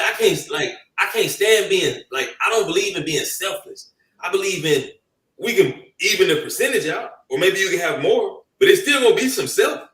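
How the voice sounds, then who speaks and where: An animated young man with a fairly high voice that jumps all over, talking slang and acting out little scenes as he tells stories. He sits a bit back from the mic, and the room rings around him. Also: far from the mic. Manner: animated, slangy storytelling with acted-out quotes. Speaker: podcast co-host. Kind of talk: casual group chat. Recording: roomy, off-mic sound.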